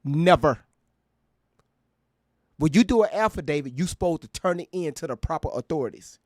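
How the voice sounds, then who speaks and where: A man's voice: fairly high pitch, lively intonation, quick pace, darkish tone, no echo, studio quality. Profane, mocking male commentary host. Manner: profane, mocking, laughs often. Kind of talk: casual reaction commentary.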